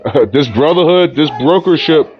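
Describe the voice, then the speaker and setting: A man calling play-by-play for an indie wrestling show, excitable and joking, rising to shouts. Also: a little high, moderate pace, highs cut off, soft background music. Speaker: wrestling commentator. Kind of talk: play-by-play commentary.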